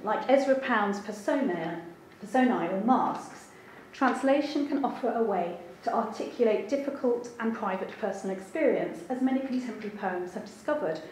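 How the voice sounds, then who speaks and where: A woman's voice: a little high, a little mellow. A woman translator giving an academic seminar talk, thoughtful and hedging with frequent ums. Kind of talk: academic lecture. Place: lecture room. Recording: very echoey room with faint background hiss.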